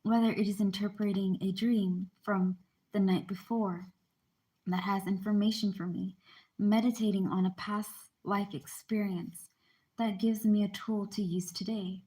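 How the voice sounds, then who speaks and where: A woman with a warm, mellow voice reads aloud from a book at an easy pace. She keeps the tone informal and chatty, breaking in with her own explanations and small apologies. Her pitch sits in an ordinary middle range. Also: fairly even intonation, measured pace. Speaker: channel host reading a book aloud. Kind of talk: casual read-aloud with chatty asides.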